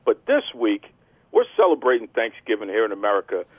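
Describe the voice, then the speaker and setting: Brash, boastful podcast host playing a heel, lively and husky, phone-quality sound. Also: male voice, fairly low pitch, a little fast, no room sound. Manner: boastful, theatrical heel persona. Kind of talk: brash wrestling podcast talk.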